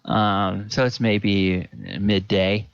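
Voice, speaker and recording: A man runs a tabletop game in a slow, unhurried narration, hesitating often with ums and restarts. The recording is dry and close, with a dull lo-fi tone. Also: lowish voice, very animated, creaky, smooth, no room sound. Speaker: game master.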